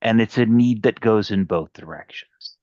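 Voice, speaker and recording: A man's voice: lowish voice, a little mellow, no echo, lightly acted. A man voicing Lois, a poised noblewoman viceroy. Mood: earnest, measured. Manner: measured, deliberate debating delivery. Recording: dull lo-fi mic.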